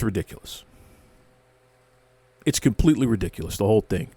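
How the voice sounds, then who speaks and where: A man's voice: medium pitch, lively intonation, unhurried, a little mellow, dry recording. A man hosting a wrestling show, ranting with mock outrage and heavy sarcasm, often repeating words as he builds up. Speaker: wrestling commentary host. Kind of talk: sarcastic rant to camera.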